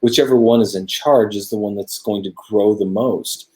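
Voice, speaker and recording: A man with a somewhat low voice talks through scripture in a relaxed study chat. He sounds earnest and thoughtful, and he grows animated when he drives a point home. He speaks close to his own camera. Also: normal speed. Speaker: co-host of a religious discussion show. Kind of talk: casual Bible study discussion. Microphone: own camera close by, video stream.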